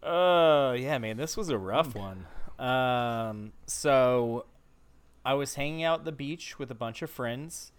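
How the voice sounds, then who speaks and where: Young man, mid-pitched voice, hesitant storyteller, lots of fillers. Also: expressive, slow pace, clear, resonant tone. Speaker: podcast co-host. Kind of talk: casual chat, storytelling.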